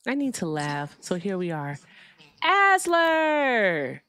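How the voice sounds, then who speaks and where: A woman's voice: medium pitch, wildly swooping pitch, slow pace, bright, forceful tone, smooth, dry recording. A woman hosting a livestream debate, casual, blunt and profane, sounding tired.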